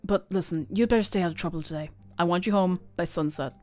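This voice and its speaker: A grumpy young cousin, curt and dismissive, read aloud by a woman streamer. Her delivery is clipped and a shade lower than the reader's own talk. Faint game music runs beneath. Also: fast, close to an everyday voice. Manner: curt, dismissive, low and flat.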